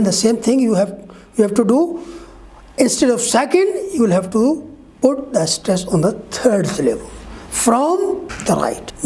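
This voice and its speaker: A woman teaching a lesson, explaining step by step with many pauses. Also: on the high side, warm tone. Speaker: English teacher.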